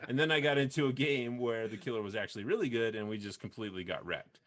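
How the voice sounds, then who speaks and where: A man's voice: mid-range voice, fast talker, fairly bright tone. Man, podcast host, casual gaming chat, rambling, frequent restarts, laughs easily. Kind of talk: casual chat about video games.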